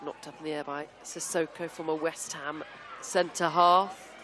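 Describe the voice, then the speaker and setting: A woman giving brisk live football commentary with jokey asides. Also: sits low, steady tone, a bit bright, some chatter behind, slight background noise. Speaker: play-by-play commentator.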